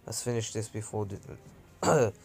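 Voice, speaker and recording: A man's voice: on the low side, lively intonation, takes it slowly, creaky, a little mellow, full character voice. A man voicing a cold, distant teenage male ninja, with curt, muttered lines.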